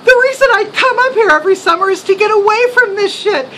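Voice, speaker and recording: A woman's voice: extremely high pitch, animated, fast talker, pushed and bright, a little hiss or hum, pitched above the performer's own voice, heavily acted, poor audio. A woman voicing her shaken young adult son, who exclaims in a breathless rush and laughs as he recounts things.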